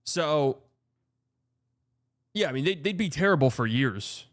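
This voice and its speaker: A man's voice: a little high, lively intonation, unhurried, fairly bright tone, dry recording. A man hosting a casual sports commentary show, sarcastic and blunt, swearing freely. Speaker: host.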